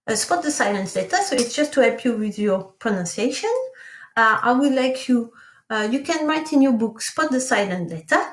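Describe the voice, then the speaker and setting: A woman teaching a recorded lesson, sounding out model sentences slowly and carefully. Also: a little high, animated. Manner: slow, careful enunciation of French model sentences. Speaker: French teacher. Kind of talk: recorded remote language lesson. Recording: echoey room.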